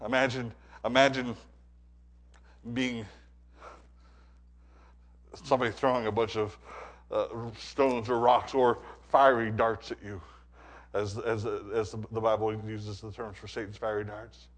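A man preaching a sermon, animated, swinging between quiet stretches and loud, emphatic builds, often repeating words as he presses a point. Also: fairly low pitch, a little slow, long pauses.

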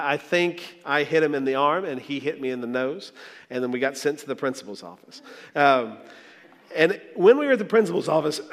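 A man's voice: on the high side, fairly bright tone. A man preaching a sermon as a pastor, earnest and reflective, telling stories with small restarts. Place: church sanctuary. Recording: long hall reverb.

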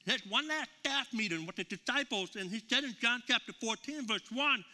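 A man's voice: extremely high pitch, lively intonation, brisk, sharp tone, big-room sound. A middle-aged male pastor preaching to a congregation in a church, in a conversational storytelling way full of fillers and repeated words. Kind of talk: sermon. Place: church sanctuary with a live congregation.

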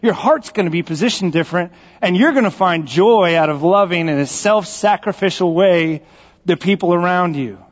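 A high-pitched man preaches in a relaxed, folksy way, teasing his congregation between stories. His voice rings with the long reverb of a church sanctuary. The recording is slightly dull. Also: normal speed. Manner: joking, folksy, speaks directly to the congregation. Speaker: pastor. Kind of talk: conversational storytelling sermon.

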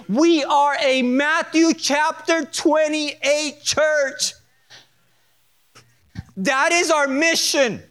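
High-voiced man preaching a sermon. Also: fairly bright tone. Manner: earnest, emphatic preaching with repetition and asides. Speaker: pastor. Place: church sanctuary.

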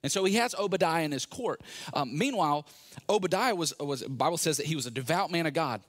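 A man giving a sermon, retelling a Bible story in a relaxed, conversational way with playful asides. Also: a little high, quick pace. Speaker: pastor.

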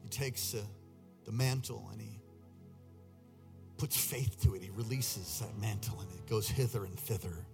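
A male pastor preaching a sermon, exhorting the congregation and rising to loud, urgent peaks. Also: fairly low pitch, measured pace, gravelly. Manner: exhorting, repeats lines, rises to near-shouted peaks. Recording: long hall reverb, faint music behind.

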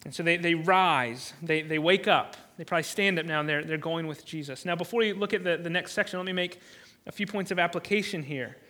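High, bright-voiced man preaching. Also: brisk. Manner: earnest, emphatic preaching with repeated restarts. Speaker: pastor. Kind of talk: sermon.

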